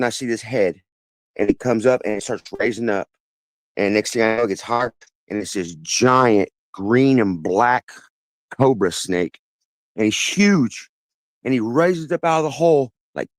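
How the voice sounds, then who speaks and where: A man's voice: mid-range voice, animated, normal speed, no room sound. Guy calling in, rambling earnest story, stops and restarts a lot, dry sound. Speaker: caller. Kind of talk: casual phone-in storytelling.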